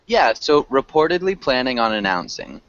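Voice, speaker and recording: A man's voice: medium pitch, very animated, moderate pace, fairly bright tone, no echo, muffled recording. A man teaching an English class online, patiently correcting pronunciation with frequent ums.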